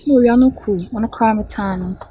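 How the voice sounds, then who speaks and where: A woman's voice: a little high, brisk, noisy background. A woman acting in a comedy sketch, replying defensively in a mix of English and Twi.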